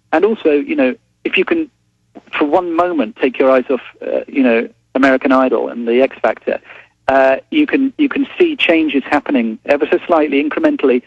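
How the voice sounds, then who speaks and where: A man with a London English accent, calling in as a reporter and reflecting in a halting way with many restarts, heard over a phone line. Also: a little high, gravelly, husky, no echo. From England. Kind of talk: phone-in interview.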